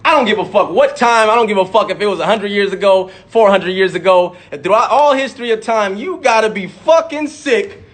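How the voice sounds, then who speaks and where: Intense, high-voiced man swearing hard. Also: a bit bright. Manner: profane, emphatic, intense, repeats words for stress. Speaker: rapper. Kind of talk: impassioned monologue to camera.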